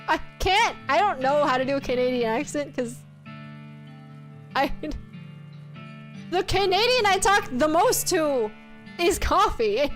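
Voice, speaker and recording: A woman's voice: high voice, lively intonation, unhurried, a bit bright, soft background music. A woman streamer chatting casually with her viewers, bubbly and teasing, laughing often as she talks. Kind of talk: casual live-stream chat.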